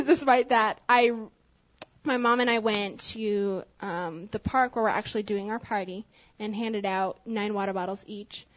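A woman sharing a testimony in church, telling her story in a giggly, animated way. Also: a little high. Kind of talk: spontaneous testimony to a congregation. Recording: dull lo-fi church recording.

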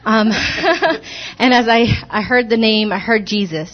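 A woman's voice: medium pitch, moderate pace, dull audio. A woman telling the congregation her personal testimony in a church, hesitant and earnest, with many restarts. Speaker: church member giving testimony. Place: church sanctuary.

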